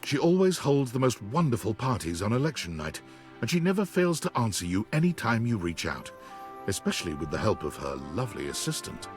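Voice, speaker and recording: A man's voice: medium pitch, big pitch swings, a little fast, soft background music, close to an everyday voice. A man narrating a video game in a wry, storytelling manner. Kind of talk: scripted narration.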